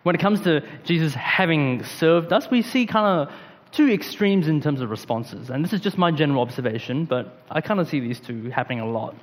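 A man preaching a sermon in a relaxed, conversational way, with slang and frequent fillers. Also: a little high, brisk, in a large hall. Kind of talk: casual sermon.

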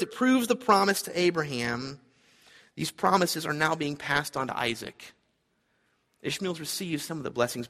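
A man's voice: on the high side, fairly bright tone, big-room sound. A man preaching a sermon, earnest and emphatic, repeating his key points. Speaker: pastor.

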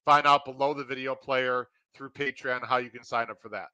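A man hosting his racing podcast, excitedly welcoming listeners and running through promotions in an energetic, pumped-up way. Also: medium pitch, brisk, clear, resonant tone, dry recording, muffled recording. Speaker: podcast host.

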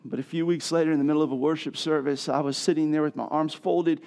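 A middle-aged man preaching a sermon, telling a personal story and building to loud, emphatic passages. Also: fairly high pitch, fairly even intonation, quick pace. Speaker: pastor.

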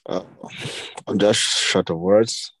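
A man, speaking emotionally and haltingly as a guest on an online call from a village, often repeating himself. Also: fairly low pitch, fairly even intonation, fairly bright tone, no room sound, low-quality recording. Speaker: guest speaker, author's brother. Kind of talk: emotional speech on a video call. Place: village, weak network.

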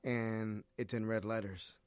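A middle-aged man from Nicaragua speaks as a missionary guest in a casual faith conversation. He talks earnestly and grows animated when he retells scripture stories. His voice sits fairly low, and the recording is dry and close. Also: unhurried, clean tone, no room sound.

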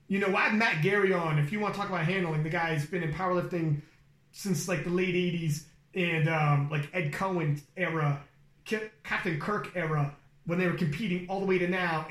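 A man hosting a podcast, telling stories in a casual, animated way and swearing freely. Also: high-pitched, echoey room. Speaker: podcast host.

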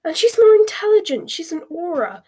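A woman's voice: very high-pitched, big pitch swings, a little fast, dark tone, voice pushed up. A woman doing an earnest, clever teenage witch. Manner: earnest, indignant.

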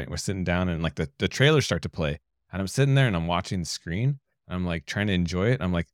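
Low-voiced man telling a rambling story. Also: dry recording, studio quality. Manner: rambling storyteller, many fillers and restarts. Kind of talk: casual chat.

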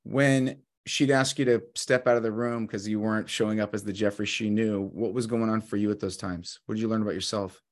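A man with a low-pitched voice hosts an interview. He affirms what his guest shares before asking thoughtful follow-up questions. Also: steady tone, brisk, hardly any pauses. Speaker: podcast host.

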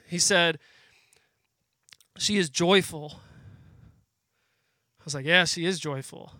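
Man, 30s, guest preacher; high, sharp voice, earnest talk to the crowd, emotion close to the surface. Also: dry recording. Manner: earnest, conversational preaching, addresses the crowd as "guys"; emotional, pauses and restarts as he speaks. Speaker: guest speaker at a family worship program. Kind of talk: sermon.

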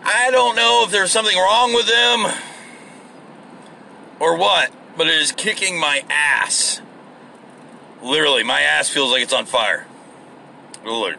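Gravelly man podcasting while driving to work. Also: on the high side, a little slow, pauses often, sharp tone, a little hiss or hum. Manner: profane and self-deprecating. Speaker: podcast host. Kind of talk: rambling solo podcast. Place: car, on the drive to work.

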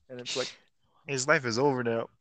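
A man's voice: medium pitch, fairly even intonation, unhurried, sharp tone, no room sound. Young man, podcast co-host, casual rambling chat, stumbles on words, dry recording. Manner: rambling, slangy, acts out quotes.

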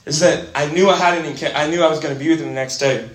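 A young man preaching an energetic sermon, animated and casual, swinging from quiet asides to shouting and calling listeners bro and man. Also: a little high, racing. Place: church gathering hall. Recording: echoey room.

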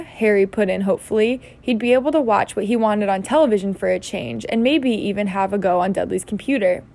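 A woman's voice: mid-range voice, brisk, vocal fry, few pauses, darkish tone. A woman reading a children's novel aloud in a casual way, with slips and self-corrections. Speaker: reader.

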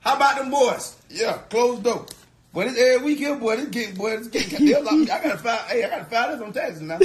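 A man playing a loud, boastful football fan who collects his bets and taunts the losers in a comedy sketch. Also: very high voice, animated, fast talker, breathy edge, full character voice. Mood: teasing. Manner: shouting, gloating, teasing.

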